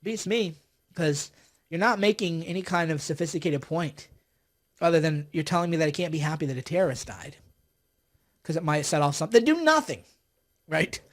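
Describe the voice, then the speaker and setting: A man's voice: fairly high pitch, brisk. A man hosting a livestream, ranting with sarcasm and exasperation as he mocks his opponents. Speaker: political commentator hosting a livestream.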